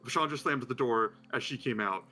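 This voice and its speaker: A man narrating as game master of a live-streamed tabletop game, relaxed and chatty. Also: medium pitch, moderate pace, faint music behind.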